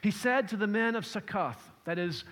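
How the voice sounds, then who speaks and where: High-voiced preacher in a reverberant hall. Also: male voice, normal speed, fairly bright tone. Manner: preaching with acted quotes and shifting emphasis. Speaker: pastor. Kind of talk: sermon.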